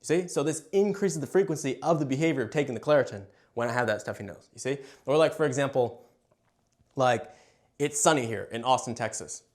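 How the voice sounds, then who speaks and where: A young man who trains dogs, explaining to camera in an animated way and often checking in with "you see?". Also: medium pitch, fairly quick. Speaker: dog trainer.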